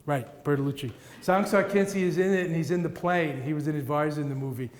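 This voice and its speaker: A man's voice: on the high side, quick pace. A man, a Buddhist teacher, giving a playful, rhythmic dharma talk to an audience and laughing at his own jokes. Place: large meeting room with audience. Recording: echoey hall, roomy reverb.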